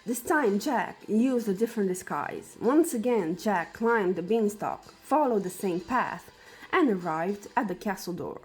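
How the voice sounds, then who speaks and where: A woman reading a fairy tale aloud for children, slowly and with small slips and restarts. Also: medium pitch, lively intonation, faint music behind, low-quality recording. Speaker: storyteller.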